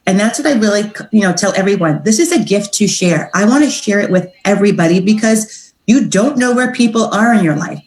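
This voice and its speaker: An upbeat, chatty woman talks through her sales approach like a relaxed coaching session. She slips into a brighter, higher voice when she acts out the messages she sends. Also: fairly quick, roomy sound, rough recording. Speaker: direct sales team trainer. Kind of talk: casual training talk.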